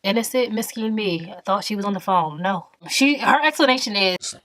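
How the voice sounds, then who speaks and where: A woman in her twenties telling a story in a vlog, animated and emphatic, full of exasperation. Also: mid-range voice, fairly quick, dry recording. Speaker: vlogger.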